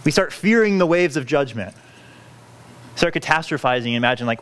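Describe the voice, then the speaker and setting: Earnest male preacher with a lively voice. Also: a little high, brisk, slight background noise. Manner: earnest, pleading, self-correcting with frequent restarts. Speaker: pastor. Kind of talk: sermon.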